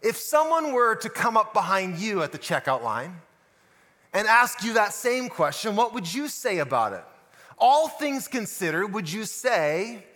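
A pastor delivers his sermon in a high, bright voice. He tells stories and keeps putting rhetorical questions to his listeners, and a long reverb trails behind every phrase. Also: big pitch swings, unhurried. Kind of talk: sermon podcast.

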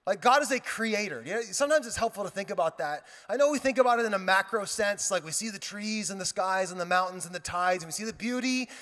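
A male pastor preaching a sermon, telling a lively story with quoted dialogue and joking asides. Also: sits high, fast, hardly any pauses. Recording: reverberant hall.

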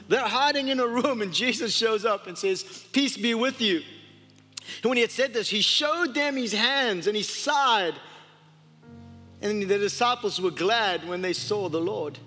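A man preaching a sermon, impassioned, dropping to hushed tones for scripture. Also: high-pitched, a little slow. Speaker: pastor. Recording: reverberant hall with faint music.

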